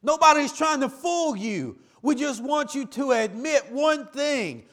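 A man, preaching to his church in a fairly high voice. His delivery is emphatic, dropping to hushed asides and then rising to loud cries. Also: expressive, measured pace, few pauses. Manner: emphatic preaching that swings between quiet low asides and loud raised cries. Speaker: pastor. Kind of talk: sermon.

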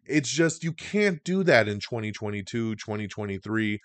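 A man's voice: medium pitch, expressive, normal speed, few pauses, no echo. A man hosting a podcast, giving a casual, enthusiastic, slangy run through entertainment news. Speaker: podcast host.

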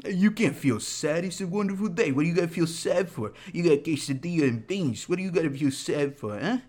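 A scolding, dismissive middle-aged dad fires off emphatic rhetorical questions in a thick put-on Italian accent, as a man impersonates his father. The voice sits noticeably higher than the speaker's own and lands each question with mock exasperation. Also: expressive, a little fast, a little mellow.

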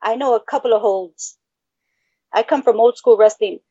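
A woman's voice: a little high, normal speed, dark tone, husky, no room sound, muffled recording. A woman from El Paso co-hosting a podcast in casual chat, cursing freely and erupting in mock-outraged outbursts. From El Paso, Texas. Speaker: podcast co-host.

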